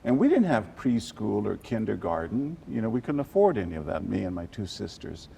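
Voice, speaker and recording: An older man from South Texas, an animated storyteller who drops Spanish phrases into his answers during an interview. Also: on the low side, fairly quick, gravelly, slightly rough. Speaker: journalist guest.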